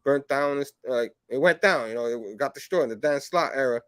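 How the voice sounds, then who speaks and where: A man hosting a casual comic review show, rambling with lots of fillers and breaking into animated quoted bits. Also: medium pitch, fairly quick, dry recording. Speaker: comic book show host.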